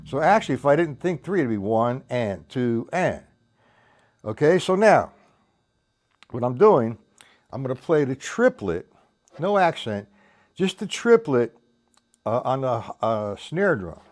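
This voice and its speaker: A man's voice: medium pitch, very animated, measured pace, a little mellow, soft background music. Rambling tired male drum teacher. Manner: loose, rambling, counting beats aloud over drumming. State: tired from staying up all night. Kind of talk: live-streamed drum lesson. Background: drum kit playing.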